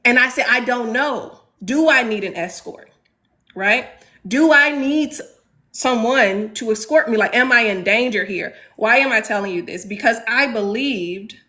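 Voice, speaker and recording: A woman from Chicago's South Side in her thirties, earnestly telling a class a personal story and pausing on rhetorical questions. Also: a little high, bright, forceful tone. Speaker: teacher leading a class discussion.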